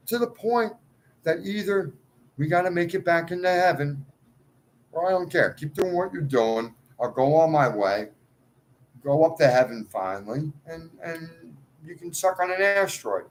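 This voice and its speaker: Agitated man ranting, voice swinging loud and soft. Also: a little high, animated, unhurried, slight background noise, rough recording. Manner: agitated, rambling, swings from shouting to muttering. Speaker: video poster. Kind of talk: impassioned monologue.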